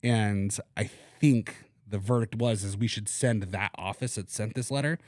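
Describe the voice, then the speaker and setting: A young man co-hosting a casual podcast, telling a story in a crass, animated way with plenty of swearing. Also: fairly low pitch, normal speed, no room sound, studio quality. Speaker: podcast co-host.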